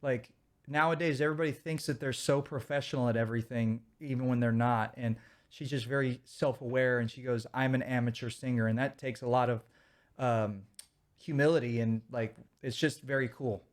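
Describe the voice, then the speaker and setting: A man's voice: medium pitch, fairly even intonation, moderate pace. A man in his thirties ranting heatedly during a casual livestream, swearing often. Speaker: streamer.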